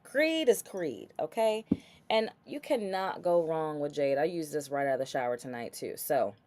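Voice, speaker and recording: A woman's voice: deep voice, moderate pace, mellow. A woman hosting a casual livestream, chatty and playful as she shows body care products and talks straight to viewers.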